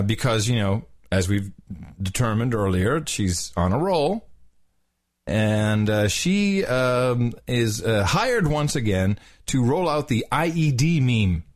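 A man's voice: medium pitch, lively intonation, slow pace. A man hosting a talk show, speaking in a sarcastic, rambling way with many fillers. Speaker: podcast host. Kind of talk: casual political talk.

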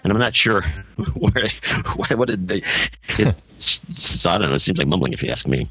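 A man with a very low voice and a bright, forceful edge tells rambling stories in a casual podcast chat. The sound is dry and close, with no room around it. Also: animated, fairly quick, gravelly, husky, no echo, rough recording. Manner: rambling anecdotal storyteller.

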